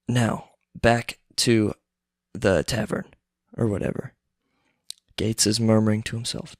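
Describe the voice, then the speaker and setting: Gravelly-voiced man casually reading a script. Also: medium pitch, little pitch movement, unhurried, no echo, studio quality. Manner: offhand, narrating scene by scene. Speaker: reader. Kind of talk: casual screenplay reading with asides.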